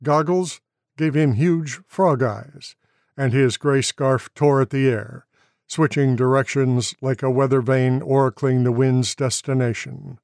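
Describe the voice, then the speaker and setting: A man reading a novel aloud in slow, measured audiobook narration. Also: medium pitch, steady tone, gravelly, a little mellow, no echo, studio quality.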